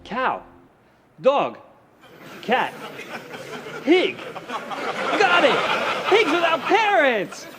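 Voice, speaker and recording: An actor playing a bumbling, easily confused police detective in a sitcom, over the top. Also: male voice, extremely high pitch, wildly swooping pitch, extremely slow, pauses often, a crowd in the background, noisy background, full character voice. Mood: guessing charades. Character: bumbling London police detective, middle-aged man. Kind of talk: scripted sitcom acting.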